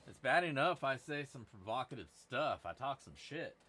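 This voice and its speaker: A man's voice: mid-range voice, sing-song, normal speed, very noisy. A man hosting a gold prospecting giveaway stream, chatting casually with crude, rambling jokes. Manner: crude, rambling, jokey banter. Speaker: channel host running a giveaway. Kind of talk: casual livestream chat.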